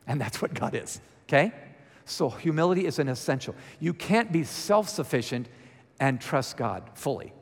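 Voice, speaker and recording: Southern preacher, Georgia accent, man, slightly high voice, lively questions to the room, long hall reverb. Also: moderate pace. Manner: lively, asks the congregation questions. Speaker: guest preacher. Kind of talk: conversational sermon. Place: church sanctuary. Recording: reverberant church sanctuary.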